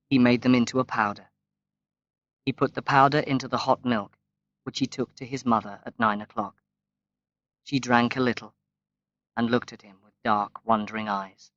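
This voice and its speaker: A man reading a graded-reader story aloud as audiobook narration, slow and measured with long pauses. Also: medium pitch, no echo. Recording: dry, slightly dull lo-fi recording.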